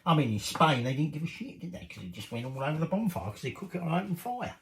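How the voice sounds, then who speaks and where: A man's voice: a little high, expressive, quick pace, slight background noise, rough recording. A man chatting cheekily while cooking in his home kitchen, swearing casually as he goes. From Britain.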